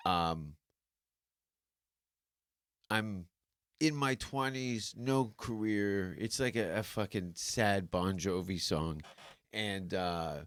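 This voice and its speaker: A middle-aged man from Canada, a comedian guest on a podcast, talking bluntly and crudely with halting fillers when he thinks. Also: sits low, fairly bright tone, dry recording, studio quality. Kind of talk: casual chat.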